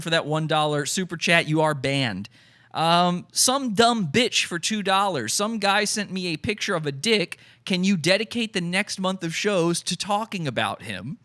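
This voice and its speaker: A man hosting a livestream, reading out super chats in a sarcastic, mock-sincere, deadpan way. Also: on the high side. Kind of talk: sarcastic comedic livestream chat.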